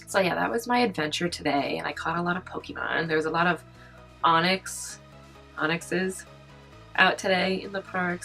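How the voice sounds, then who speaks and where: A young woman vlogger telling a story in casual chat while doing her makeup, talking fast with lots of "like" and acting out what people said. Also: fairly low pitch, a bit bright, poor audio. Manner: chatty, fast, heavy use of "like", acts out quoted voices. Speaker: beauty vlogger.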